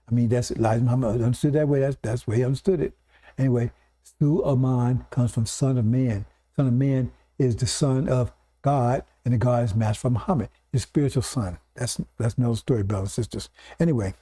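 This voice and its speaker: A man preaching a scripture lesson to a congregation, explaining point by point and often checking in with quick "see?" and "right?" asides. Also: mid-range voice, dark tone, husky. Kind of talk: sermon lecture to congregation.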